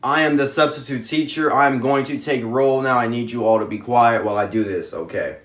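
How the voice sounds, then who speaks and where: A man performing a comedy skit as a substitute teacher taking roll and the students answering, in a casual deadpan way. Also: medium pitch, a little fast. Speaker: comedy sketch creator. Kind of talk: comedy skit playing several classroom roles. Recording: roomy sound with music behind.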